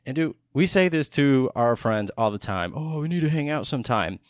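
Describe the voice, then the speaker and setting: A man's voice: mid-range voice, expressive, normal speed, dry recording, clean studio sound. A man in his thirties from Texas hosting a podcast, talking loosely and casually and swearing often. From Texas, USA. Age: 30s. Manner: loose and profane, lots of restarts. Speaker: podcast host. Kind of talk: casual monologue.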